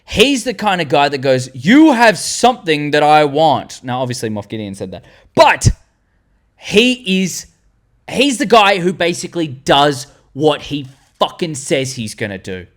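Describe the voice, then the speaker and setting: A young Australian man in his twenties, hosting a fan tier-list vlog and rambling excitedly with the odd swear word. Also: fairly high pitch, measured pace. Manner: animated, rambling, swearing, loses words mid-sentence. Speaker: channel host.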